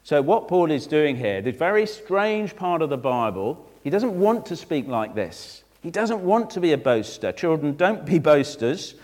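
A man's voice: fairly high pitch, sing-song, measured pace, few pauses, a little mellow, in a large hall. A man, a vicar, preaching a sermon with rhetorical questions and direct asides to children.

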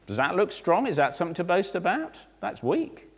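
A man's voice: sits high, big pitch swings, a little fast, slightly rough, long reverb tail. A man, a vicar, preaching a sermon with rhetorical questions and direct asides to children.

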